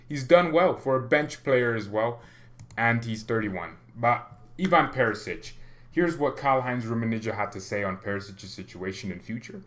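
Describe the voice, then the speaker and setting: A man's voice: medium pitch, a bit bright. A man hosting a football fan channel, chatting casually, joking and going off on tangents. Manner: chatty, joking, rambling with self-interruptions. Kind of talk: casual vlog commentary.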